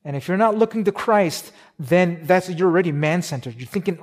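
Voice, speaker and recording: Guy preaching a sermon, kinda high voice, lots of uh and restarts, gets loud then goes quiet and slow. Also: lively intonation. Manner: conversational preaching with many restarts and fillers; rises loud for emphasis, drops soft and slow on key points. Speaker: pastor.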